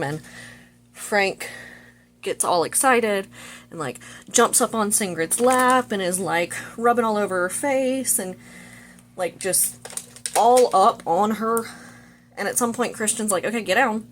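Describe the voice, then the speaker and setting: A woman's voice: medium pitch, measured pace, long pauses, a little hiss or hum. A woman vlogger casually retelling a film's plot while getting ready, chatty and full of "like" and "you know". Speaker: vlogger reviewing a movie.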